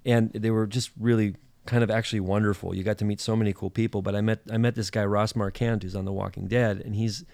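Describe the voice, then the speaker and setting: A male actor in casual conversation, asking questions in a halting way and searching for his words. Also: fairly low pitch, level tone, vocal fry, a little mellow, dry recording. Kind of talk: casual chat.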